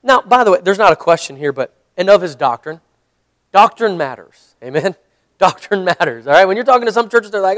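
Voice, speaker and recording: A man's voice: sits high, animated, brisk, fairly bright tone, no room sound. A man, a pastor, leading a Bible study, reading scripture aloud and explaining it in a conversational way.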